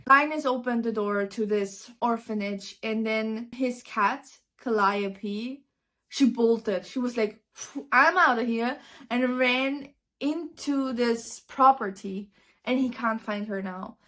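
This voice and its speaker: A woman chats animatedly as she sums up a book for her vlog. Her voice sits slightly high, and her casual, filler-laden talk keeps bubbling along. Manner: chatty, animated, many fillers. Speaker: book vlogger.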